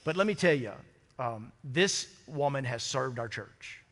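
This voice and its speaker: A man's voice: medium pitch, animated, measured pace, fairly bright tone. A man in a mid-range voice preaches to his congregation, easygoing and playful, asking the room questions as he goes. His words carry a long reverb off the walls of a church sanctuary. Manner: conversational, humorous preaching with rhetorical questions. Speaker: pastor. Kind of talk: sermon. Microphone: microphone.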